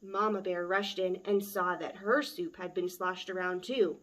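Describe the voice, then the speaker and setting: A woman, a children's librarian, reading a picture book aloud at story time with a gentle, expressive manner. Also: on the low side, a little slow.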